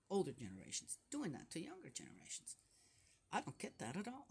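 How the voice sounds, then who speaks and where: Older woman, casual Bible commentary, lowish voice, very animated pitch, chatty rhetorical asides. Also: fairly quick, breathy edge. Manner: chatty, with frequent rhetorical "Yes?" and "Right?" asides; laughs often while talking. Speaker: Bible study host.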